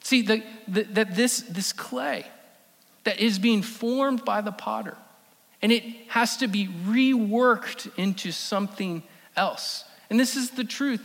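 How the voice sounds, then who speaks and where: A man preaching a sermon as pastor, emphatic, repeating key phrases and slowing down for stress. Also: high voice, gravelly, fairly bright tone. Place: church sanctuary. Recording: long reverb of a church hall.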